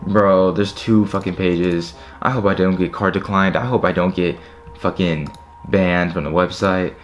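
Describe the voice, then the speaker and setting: A young man with a low, deep voice talks straight to his audience, grumbling and swearing over an online checkout. He sounds annoyed and exasperated as he talks it through. Faint music plays quietly in the background. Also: steady tone, a little slow. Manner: frustrated, swearing, talking to viewers. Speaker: streetwear vlogger. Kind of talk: casual live commentary.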